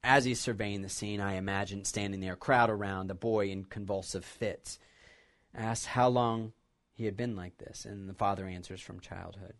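A man's voice: on the low side, steady tone, moderate pace. Man preaching a reflective sermon. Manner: reflective, retells scripture as a story. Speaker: pastor.

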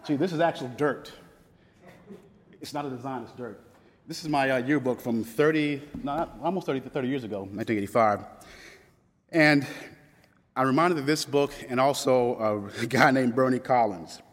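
A man's voice: medium pitch, moderate pace. A man of about fifty from Louisville, Kentucky, telling a personal story in a conversational way, restarting often and quoting others. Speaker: public speaker. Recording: long hall reverb.

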